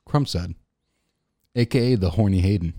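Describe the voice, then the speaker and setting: Blunt low-voiced man, dry humor. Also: moderate pace, mellow. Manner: dry, blunt, swears casually. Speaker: podcast co-host. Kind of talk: casual chat.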